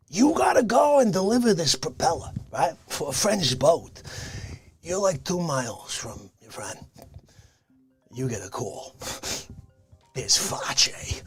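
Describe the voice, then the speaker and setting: A man putting on a hot-tempered, indignant Bronx character with a Bronx accent, yelling complaints in an improvised comedy bit. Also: sits high, dry recording, pitched above the performer's own voice, full character voice. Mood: ranting. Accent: New York Bronx, put on. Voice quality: gravelly, raspy, explosive shouting.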